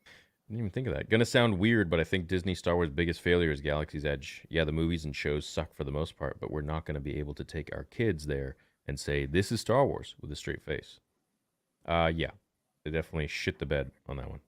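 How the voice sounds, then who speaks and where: Very deep-voiced man reading live chat. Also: steady tone, a little fast, no echo, clean studio sound. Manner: loose, profane, upbeat chat reading. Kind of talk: casual livestream chat.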